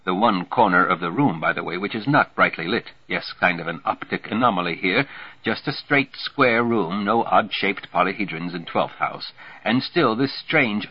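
Husky man reading a novel. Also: on the low side, no echo. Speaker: audiobook narrator. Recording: dull lo-fi recording.

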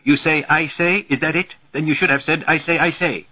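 A man voicing a bullying, mocking grown man who shouts and taunts, his voice pushed up higher and louder. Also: lively intonation, normal speed, breathy edge, no echo. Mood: taunting. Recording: dull lo-fi recording.

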